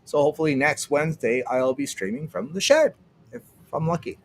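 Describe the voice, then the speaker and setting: Fairly high-pitched and very animated, a young Canadian streamer rambles a little fast over slight background noise. He swears a lot, and his sentences trail off and restart.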